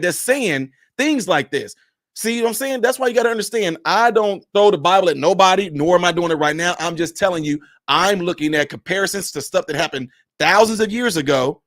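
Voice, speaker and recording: A man's voice: high-pitched, no room sound, studio quality. A man who is a minister, streaming and talking in a preachy, emphatic, repetitive cadence. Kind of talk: preachy livestream commentary.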